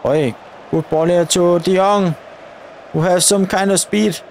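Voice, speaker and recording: A young man giving live commentary over a football video game, shouting at the referee in frustrated outbursts. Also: high voice, fairly even intonation, unhurried, a little hiss or hum. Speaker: gaming YouTuber.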